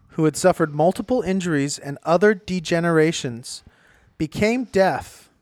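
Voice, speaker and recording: A man co-hosting a comedy podcast, reading a news item slowly and deliberately. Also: on the high side, no echo, clean studio sound. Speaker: podcast co-host.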